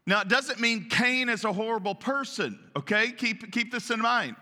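A man preaching a sermon as pastor, in an animated, folksy way that acts out voices. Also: very high voice, normal speed, hardly any pauses. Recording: long church reverb.

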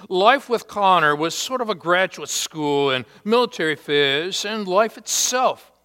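A male pastor preaching a sermon with long pauses, dropping to a hush and then rising to loud, emphatic peaks. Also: fairly high pitch. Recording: hall reverb.

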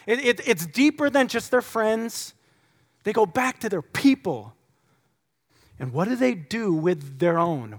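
A man preaching in a church, praying earnestly and then teaching in a casual, conversational way with frequent fillers. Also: high-pitched. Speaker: pastor. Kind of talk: sermon. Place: church sanctuary.

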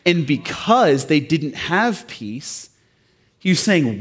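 A man's voice: fairly high pitch, big pitch swings, slow, slightly rough. A young man preaching a sermon, casual and self-deprecating at first, building to fervent emphasis.

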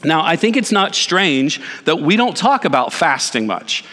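A man in his forties, a pastor giving a conversational sermon with animated, self-deprecating asides. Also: a little high, measured pace. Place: church sanctuary. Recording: reverberant church hall.

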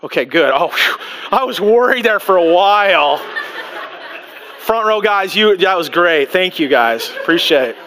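A man preaching a sermon to a live congregation as pastor, animated, with frequent restarts and acted-out quotes. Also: high-pitched, unhurried, some chatter behind, a little hiss or hum. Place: church before a live congregation.

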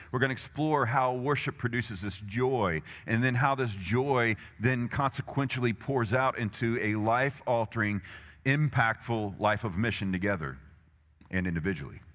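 A male pastor with a bright, forward voice delivers an emphatic, conversational sermon, often asking the congregation questions. His voice rings out with a long reverb, as in a large church sanctuary. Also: medium pitch, moderate pace. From Texas, USA.

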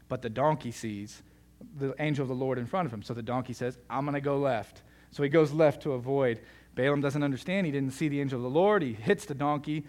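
A man's voice: mid-range voice, a little mellow. A male pastor preaching a sermon in a conversational, joking storytelling manner.

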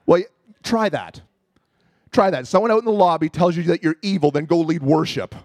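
A pastor preaching to his congregation in an easy, chatty storytelling manner that often trips over itself and restarts. His voice sits fairly high for a man. The sound is dry and close, with no room echo. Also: fairly quick, darkish tone. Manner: conversational and self-deprecating, with frequent restarts. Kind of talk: sermon with personal storytelling. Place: church service.

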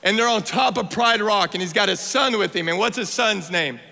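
Male preacher, 30s, bright and forceful, playful build to shouts, big hall echo. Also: high-pitched, normal speed, gravelly. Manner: playful, energetic, rising to shouts. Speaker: guest preacher. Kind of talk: sermon. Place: church sanctuary. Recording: long hall reverb.

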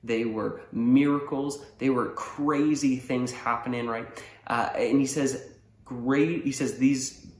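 Animated male pastor in an echoey room. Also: mid-range voice, slow. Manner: animated storyteller, acts out voices, laughs often. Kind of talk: sermon.

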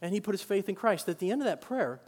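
High-voiced preaching pastor in a hall. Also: male voice, lively intonation, quick pace, slightly rough. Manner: dynamic preaching, swinging from quiet to loud. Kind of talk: sermon.

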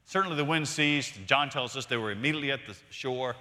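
A man preaching a sermon as pastor, emphatic, swinging from loud to hushed and repeating words for stress. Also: mid-range voice, quick pace. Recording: long reverb of a large hall.

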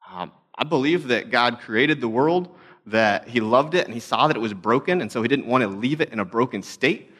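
A man's voice: mid-range voice, fairly bright tone. A young adult man, a pastor, telling stories in a conversational, self-deprecating sermon talk.

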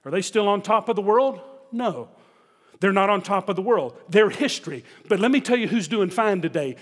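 A pastor preaching a sermon, emphatic and full of rhetorical questions put to the congregation. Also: male voice, sits high, lively intonation, moderate pace, in a large hall.

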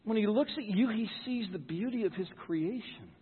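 A man's voice: sits high, animated, normal speed, slightly rough, long reverb tail, phone-quality sound. A pastor giving a sermon in church, earnest and conversational, often repeating words as he starts a thought.

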